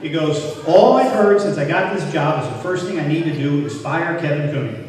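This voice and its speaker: The recording comes from far away in a reverberant hall, where an older man with an expressive, somewhat mellow, high-leaning voice talks fairly quickly. He tells stories at an awards event honoring his hall of fame induction, poking fun at himself and performing bygone conversations in dialogue.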